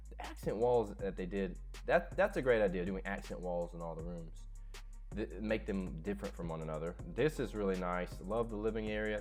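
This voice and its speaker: A young man giving a chatty, opinionated walkthrough of a house, filmed on a handheld phone as he moves from room to room. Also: on the low side. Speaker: home tour vlogger. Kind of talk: casual walkthrough commentary. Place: inside a house, moving room to room.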